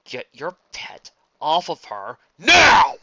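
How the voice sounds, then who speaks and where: A man's voice: medium pitch, normal speed, lightly acted. A man voicing an arrogant young villain prince who barks orders imperiously, in a dull lo-fi recording. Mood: furious.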